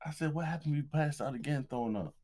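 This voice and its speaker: A man's voice: on the high side, fast talker, mellow. A young man hosting a podcast in loose casual chat, joking and telling stories. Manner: loose, joking, drags out words when reading a plug. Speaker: podcast host.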